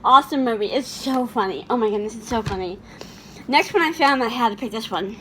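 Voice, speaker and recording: A woman's voice: a little high, fairly quick, pushed and bright, a little hiss or hum. A woman chatting casually about her favorite movies, laughing often and restarting her sentences. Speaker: vlogger.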